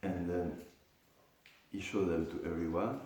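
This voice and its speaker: A man giving a scripture class in a temple hall, halting and repeating words, with many fillers. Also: low-pitched, fairly even intonation, a little mellow. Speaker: lecturer on scripture. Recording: distant echoey hall mic, faint noise.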